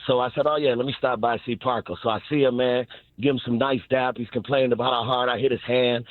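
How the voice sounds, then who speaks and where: An excited man calls in over a tinny phone line and tells his story in lively bursts. His voice sits in the middle range and sounds dry and close. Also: medium pitch, quick pace, no echo. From Chicago South Side. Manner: animated storyteller, laughing. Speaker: caller.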